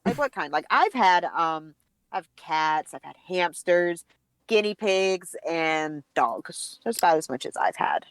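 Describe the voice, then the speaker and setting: A woman's voice: on the low side, unhurried, smooth, dry recording. Chatty woman podcast co-host, dry sound. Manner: chatty, animated storyteller. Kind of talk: casual chat.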